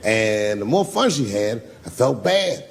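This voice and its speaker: Recorded live in a club with long reverb and slight background noise, this stand-up comic speaks unhurriedly in a mid-range voice with big pitch swings. His profane story has the audience laughing. Along the way he mimics other people's voices.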